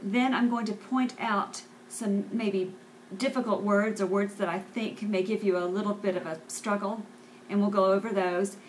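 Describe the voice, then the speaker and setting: A woman teaching English vocabulary, pronouncing each word slowly several times and explaining the stresses and syllables. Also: medium pitch, fairly even intonation, slight background noise, rough recording. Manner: slow, careful enunciation, repeats each word. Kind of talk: pronunciation lesson, slow repetition.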